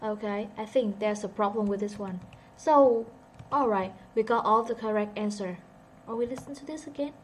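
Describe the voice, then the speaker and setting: A woman's voice: mid-range voice, moderate pace, a little mellow, a little hiss or hum. A woman who speaks English as a second language (native Vietnamese) teaches a casual online English lesson, thinking aloud and joking about herself.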